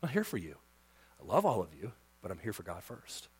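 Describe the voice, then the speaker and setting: A male pastor preaching a sermon with passion, dropping to a hush and then rising to loud emphasis. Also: lowish voice, wildly swooping pitch, fairly quick, husky. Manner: impassioned, swings from hushed to loud emphasis.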